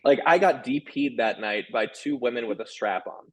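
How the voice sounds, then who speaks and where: A man's voice: medium pitch, lively intonation, moderate pace, rough recording. A man in his thirties, an author and sex columnist, talking frankly and animatedly as a guest, with many restarts and fillers. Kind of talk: candid conversational interview.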